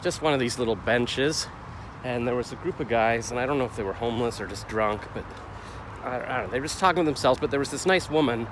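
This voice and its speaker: A man's voice: medium pitch, fast. A middle-aged man vlogging casually, rambling and questioning himself, and getting heated as he retells a clash. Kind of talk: casual confessional vlog. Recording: street noise behind.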